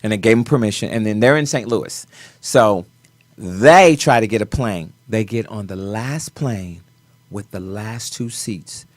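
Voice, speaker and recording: A man, a choreographer as a talk show guest, tells a personal story in an animated way, his voice swinging between quiet and loud. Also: on the low side, a little slow, no echo.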